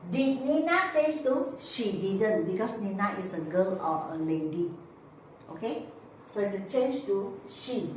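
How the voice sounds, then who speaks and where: Slow woman teaching grammar. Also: medium pitch, lively intonation, a little hiss or hum. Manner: slow, patient, repeats drill phrases. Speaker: English teacher. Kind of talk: grammar lesson explanation. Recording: echoey room, voice from mic distance.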